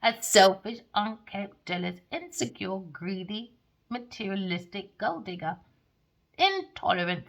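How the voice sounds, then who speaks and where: A woman delivers a sneering tarot reading, her voice gravelly with fry. She swings from loud theatrical bursts to low mutters and mockingly calls people darling. Her pitch sits in the middle for a woman. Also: animated, measured pace. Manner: scornful, insulting, theatrical, jumps between sudden loud bursts and mutters. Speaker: tarot reader. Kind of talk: rambling tarot reading monologue.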